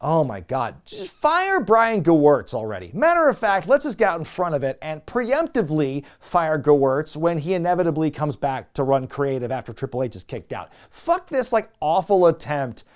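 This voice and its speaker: A man recaps a wrestling show in a casual, sarcastic way. His pitch rises and falls a lot, and he swears freely when something annoys him. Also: big pitch swings, moderate pace, hardly any pauses. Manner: sarcastic, swears, mocks dialogue with quoted impressions.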